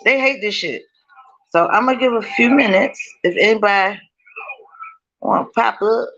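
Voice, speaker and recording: A woman's voice: medium pitch, moderate pace, vocal fry, a bit bright, dull audio. A woman hosting a casual livestream from her kitchen, talking bluntly to her chat, swearing freely and laughing often. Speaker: livestream host. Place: home kitchen, cooking while streaming.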